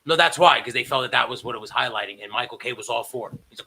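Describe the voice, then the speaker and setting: A man co-hosting a podcast from home, talking in a casual, animated and profane way. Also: mid-range voice, very fast, creaky, noisy background. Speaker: podcast co-host. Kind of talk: casual chat. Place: home, remote recording.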